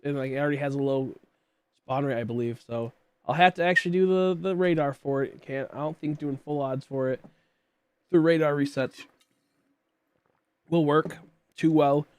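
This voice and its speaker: A man's voice: fairly high pitch, steady tone, normal speed, pauses often, clean tone, no echo. A young man streaming and chatting casually with viewers, rambling with many fillers and coughing often from a tickly throat. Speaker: livestreamer.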